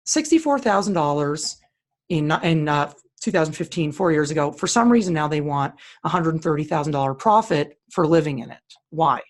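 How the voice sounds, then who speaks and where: A co-host with a low, expressive voice speaks at a normal speed. She offers casual screen-share commentary, going through listings with blunt and plain-spoken opinions.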